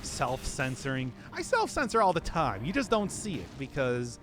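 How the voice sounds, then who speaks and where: A man streams a game and talks casually the whole time, his voice still groggy from a day of silence. His pitch swings up and down a lot as he rambles, laughs and pokes fun at himself. Game music plays faintly behind him. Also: wildly swooping pitch, moderate pace. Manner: rambling, laughs often, self-mocking. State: groggy from not talking all day. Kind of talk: casual gameplay commentary.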